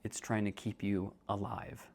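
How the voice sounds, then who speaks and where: A young man with a fairly low voice hosts a relaxed podcast monologue. He is chatty and jokey and calls listeners dude. He shifts between quick asides and slower stretches. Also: creaky, breathy edge. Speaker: podcast host and counselor.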